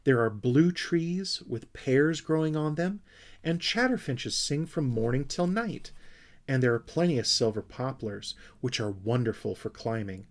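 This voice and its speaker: A man's voice: mid-range voice, expressive, a little slow. A man voicing a dreamy young troll boy who talks fondly of his home valley, in a storybook reading.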